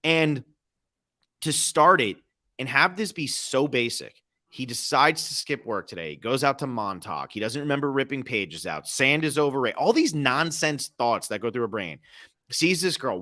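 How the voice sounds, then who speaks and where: Brief: young man, podcast co-host, bright tone, lively storyteller. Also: medium pitch, normal speed. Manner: animated storyteller, acts out quotes. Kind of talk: casual movie chat.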